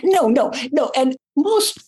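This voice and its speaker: An older actress as a guest, telling a story in a casual, animated way, acting out her own quotes and laughing often. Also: high-pitched, takes it slowly.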